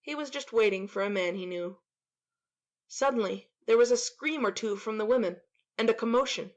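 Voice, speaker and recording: A woman narrating a classic story in a measured, expressive dramatic reading. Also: a little high, highs cut off. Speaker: audiobook narrator.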